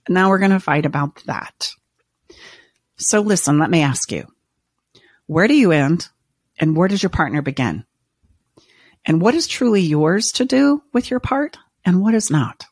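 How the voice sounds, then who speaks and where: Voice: mid-range voice, lively intonation, moderate pace, slightly rough, no room sound, clean studio sound. A relationship counselor hosting a podcast, speaking in an earnest, reassuring way with repeated emphasis. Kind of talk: podcast monologue.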